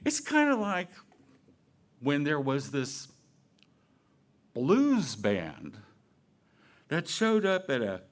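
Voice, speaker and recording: Lively conversational male minister. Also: a little high, drawn-out words, pauses often. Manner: conversational, self-questioning, playful asides. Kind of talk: sermon.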